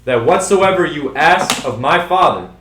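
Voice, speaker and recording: A man slowly reading scripture aloud in a measured way. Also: a little high, animated, fairly bright tone, echoey room, a little hiss or hum, rough recording.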